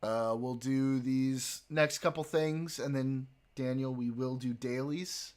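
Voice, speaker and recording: A man's voice: mid-range voice, fairly even intonation, slow pace, a little mellow. A man streaming live, chatting casually with his viewers, joking, swearing and laughing often.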